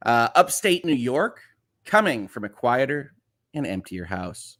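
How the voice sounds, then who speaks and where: A livestream host with a slightly nasal Chicago accent reads viewer messages aloud and rambles on, using lots of "uh" fillers and restarts. His mid-range voice is sing-song and a bit bright, with a measured pace.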